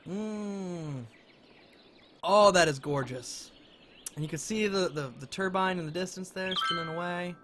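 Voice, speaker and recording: A man's voice: high-pitched, a little slow, a bit bright. A man chatting through live-stream gameplay commentary, thinking aloud and gushing with delight as he talks to his viewers. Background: game music.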